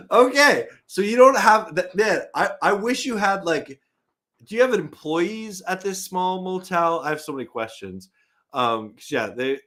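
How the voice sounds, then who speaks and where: Animated male stream host reading chat. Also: medium pitch. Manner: animated, chuckles often, frequent restarts. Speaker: host of a live fan stream. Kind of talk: casual live-stream chat, reading viewer comments.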